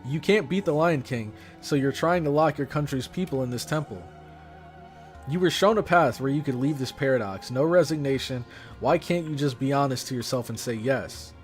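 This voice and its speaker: A man's voice: mid-range voice, normal speed, faint music behind, natural voice. A man doing a fiery scolding young monk woman. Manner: indignant, scolding, emphatic. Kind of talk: reading game dialogue aloud.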